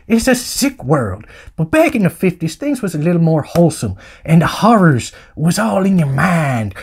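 A man's voice: a little high, darkish tone. A man giving a casual movie review in rambling, slangy, joking talk. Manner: rambling, slangy, jokey vernacular.

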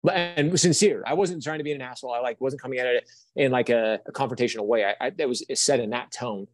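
A man's voice: medium pitch, quick pace, no room sound. Earnest young man telling a story. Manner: earnest, animated storyteller with many restarts. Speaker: guest. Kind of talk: storytelling interview chat.

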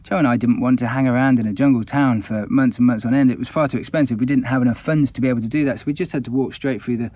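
A man's voice: medium pitch, steady tone, racing, hardly any pauses, a little mellow, no echo. Man, an explorer telling his story, self-deprecating, dry booth-like sound. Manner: candid, conversational, self-deprecating. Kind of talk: recounting an expedition story to camera.

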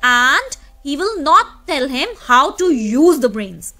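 Bright-voiced woman teaching a class. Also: high voice, sing-song, takes it slowly. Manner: patient explaining, addressing kids. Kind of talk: explaining a story lesson to students.

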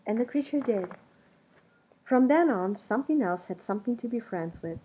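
A woman reading a children's storybook aloud in an expressive, storytelling manner. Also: a little high, normal speed, a little hiss or hum. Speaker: narrator. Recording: dull muffled recording.

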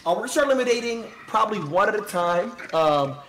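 A man's voice: high voice, animated, fast talker, background noise. A man hosting a dating game on a stream, casually steering the contestants.

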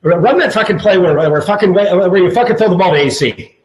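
A man impersonating a gruff, profane old football coach who stammers and swears constantly. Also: high voice, fairly quick, roomy sound, natural voice. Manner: cursing, stammering, repeats "fucking".

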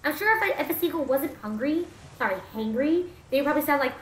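A woman's voice: sits high, lively intonation, quick pace, echoey room, a little hiss or hum. A woman streaming as a VTuber, chatting goofily through a game with jokes and the odd swear. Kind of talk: gameplay commentary.

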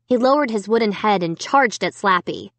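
A woman's voice: mid-range voice, lively intonation, moderate pace, dry recording. A woman narrating a children's horror book in the first person, reading steadily and with suspense. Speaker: audiobook narrator.

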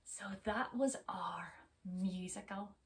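Slow, expressive woman reading to children. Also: medium pitch, recorded from a distance. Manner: expressive, with hushed whispers and asides to children. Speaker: teacher reading a story. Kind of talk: interactive children's story reading.

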